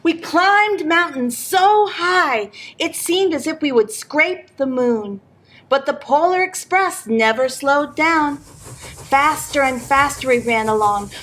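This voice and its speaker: A woman reading a picture book aloud in an expressive storytelling manner for a library program. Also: sits high.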